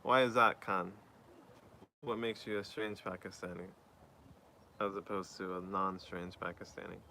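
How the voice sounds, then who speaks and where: A man's voice: low-pitched, level tone, unhurried, bright, forceful tone, slight background noise. A man chatting casually on a live stream, reading out viewer messages and answering them.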